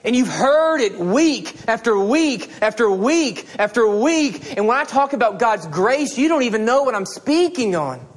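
Guy preaching slow and high, pleading with the church, really emphatic. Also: big pitch swings. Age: adult with children and a wife. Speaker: pastor. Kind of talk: sermon.

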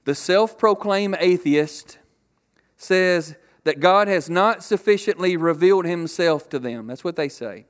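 A man preaching a sermon to a congregation, asking rhetorical questions and acting out loud quotes. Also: high-pitched, measured pace. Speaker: pastor.

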